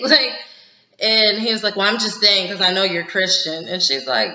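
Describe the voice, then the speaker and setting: A woman's voice: fairly low pitch, normal speed, sharp tone. A woman casually recapping a TV episode, chatty and retelling scenes with quoted dialogue and lots of "like". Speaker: TV episode reviewer. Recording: echoey room, slightly dull lo-fi sound.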